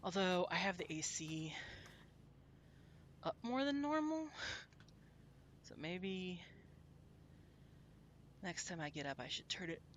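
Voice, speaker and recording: A woman's voice: lowish voice, big pitch swings, slow pace, long pauses, slight background noise. A woman from Texas, chatting casually to her viewers while she plays a game, rambling and laughing often. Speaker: game streamer.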